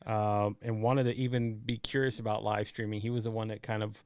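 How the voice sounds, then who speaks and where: A man's voice: lowish voice, level tone, brisk, clear, resonant tone, dry recording, studio quality. A man hosting a live stream show, talking casually to his guest and viewers, with a lot of fillers and restarts. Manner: rambling, many fillers and restarts, addresses viewers as folks. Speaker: host. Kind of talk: casual interview chat. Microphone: live stream setup.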